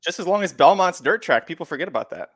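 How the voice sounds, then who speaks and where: A man's voice: high voice, lively intonation, fast talker, a bit bright, breathy edge, no room sound, studio quality. A man co-hosting a casual podcast chat, playful and full of fillers. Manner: chatty, playful, lots of filler. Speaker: podcast co-host. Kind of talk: casual chat about horse racing.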